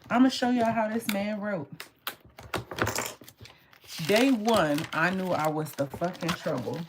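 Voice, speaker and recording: A woman tarot reader chatting casually on a live stream, telling stories in an animated way and swearing freely. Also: mid-range voice, noisy background.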